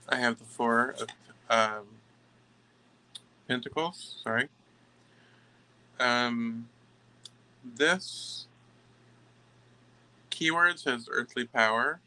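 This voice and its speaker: A middle-aged man reads tarot cards to his viewers at an unhurried pace, in a sharp, very bright voice. He leans hard on key words, then trails off and starts his sentences over. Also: medium pitch, poor audio. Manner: emphatic, halting with restarts. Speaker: tarot reader. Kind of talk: tarot reading to camera.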